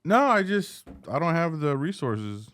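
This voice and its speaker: A man's voice: on the high side, very animated, measured pace, fairly bright tone. A man co-hosting a podcast, trading crude, joking banter in casual comedic chat. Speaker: podcast co-host.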